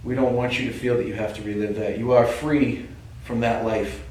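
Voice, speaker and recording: Boston guy doing a ghost hunt, calm and coaxing, really echoey room, mic kinda far off. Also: medium pitch, moderate pace. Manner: calm, coaxing, earnest, addressing an unseen presence. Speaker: paranormal investigator. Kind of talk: calling out to a spirit in a ghost hunt. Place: old building at night, indoors. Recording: very echoey room, distant mic, faint hiss.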